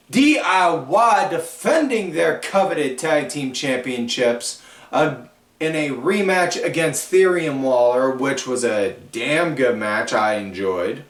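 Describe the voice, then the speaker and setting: A man hosting a wrestling podcast, recapping shows in a rambling, casual way full of fillers. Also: on the high side. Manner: slow, drawn-out, rambling delivery with frequent fillers. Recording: echoey room, far from the mic.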